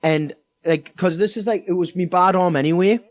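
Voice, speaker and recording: Young geordie lad rambling through a story, swears a lot, higher voice, dry sound. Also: male voice, moderate pace, no echo. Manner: rambling, heavy swearing, many fillers. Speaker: podcast co-host. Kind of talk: casual storytelling.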